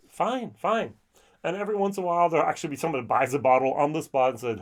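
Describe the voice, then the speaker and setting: A man talking casually in a whiskey review, chatty and animated, acting out the people he meets in quick little voices. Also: medium pitch.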